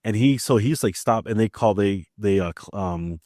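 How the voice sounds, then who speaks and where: On the low side and a little mellow, this man speaks at normal speed as he hosts his podcast from Maryland, chatting about family and acting out what everyone said. The clean studio recording has no room sound.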